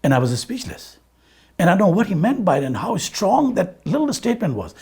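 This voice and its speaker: Husky man telling a heartfelt story. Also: high-pitched, very animated, fairly quick, darkish tone. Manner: storytelling, quoting dialogue back and forth. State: a little emotional. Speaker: interviewee recalling a friend. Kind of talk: personal recollection in an interview.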